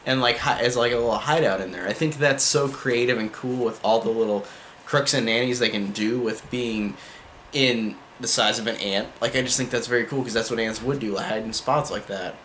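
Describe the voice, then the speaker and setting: A man's voice: medium pitch, a little fast, a bit bright, a little hiss or hum. A man giving an enthusiastic, rambling movie review in a casual way. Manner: enthusiastic, rambling, heavy use of "like".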